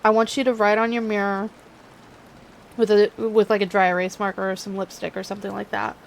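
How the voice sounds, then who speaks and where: A young woman does a casual, chatty tarot reading, poking fun at herself as her Californian accent slides into a southern drawl. Her voice sits mid-range with a level tone and a gravelly texture, and she talks a little fast. The recording is low quality, with a slight hiss or hum.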